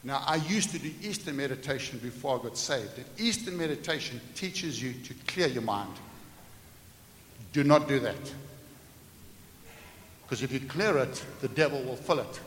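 A man preaching a sermon to a congregation, animated, acting out everyday scenes and joking with his listeners. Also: mid-range voice, moderate pace, pauses often. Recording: echoey hall with faint hiss.

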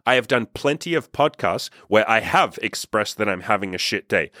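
A man's voice: on the low side, a bit bright, no room sound, studio quality. A young man hosting a podcast, giving a blunt, emphatic motivational monologue with casual swearing. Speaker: podcast host.

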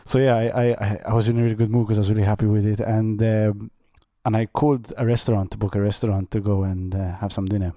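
A man from Malta co-hosts a podcast in easygoing chat, looping back over his words as he tells a story. His voice sits low and mellow. The sound is dry and close. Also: level tone, fast, hardly any pauses, dry recording. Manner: chatty storyteller, repeats words while thinking. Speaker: podcast co-host. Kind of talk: casual chat.

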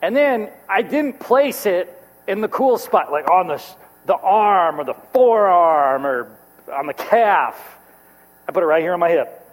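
A man's voice: high-pitched, animated, a little slow. A man preaching a sermon, telling a childhood story and acting out the voices in it. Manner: storytelling, acts out quoted voices, laughs between lines. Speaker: pastor. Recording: reverberant hall with mains hum. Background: mains hum.

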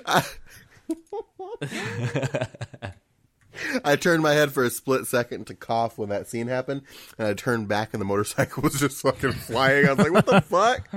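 Animated, incredulous man in gaming chat. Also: mid-range voice, a little slow, long pauses, dry recording. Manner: animated, incredulous, laughing often. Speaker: podcast co-host.

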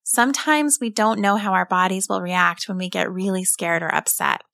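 A woman voicing a caring farm mother who talks softly and soothingly to her son. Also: mid-range voice, expressive, moderate pace, vocal fry, no echo, studio quality. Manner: soft and soothing.

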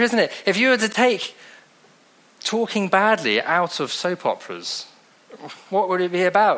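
Guy giving a chatty sermon, bright forceful voice, slows down for the bible bits. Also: mid-range voice. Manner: conversational, wry asides, reads scripture slowly. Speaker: preacher.

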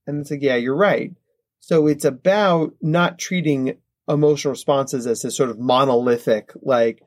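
A man in his thirties, a psychologist guest, explaining in an animated, conversational way and often checking in with "right?". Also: mid-range voice, normal speed. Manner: animated, acts out kids' voices, frequent "right?".

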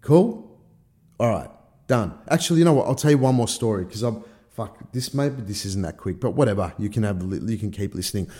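Talking briskly with lively intonation, this middle-aged man gives a motivational speech as a personal development coach. His warm voice is fairly low, and he curses freely while performing the voices inside his head.

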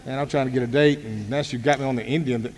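A nervous single man in his thirties works up his courage, as a male speaker quotes him. The voice drops lower and quieter, like muttered thoughts. A long hall reverb hangs behind it. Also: steady tone, quick pace, natural voice.

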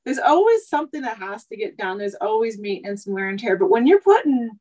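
A woman's voice: a little high, sing-song, fast, darkish tone, poor audio. A woman in her thirties from Canada, a truck driver chatting casually on a podcast, rambling with lots of asides. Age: 30s. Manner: talkative, rambling, many "like" and "you know" asides.

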